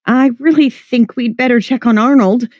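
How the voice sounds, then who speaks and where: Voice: medium pitch, normal speed, a little mellow, no room sound, dull audio, pitched above the performer's own voice, close to an everyday voice. A reader voicing a nervous, timid male mover who pleads, in a story reading. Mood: panicked. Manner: pleading, jumpy.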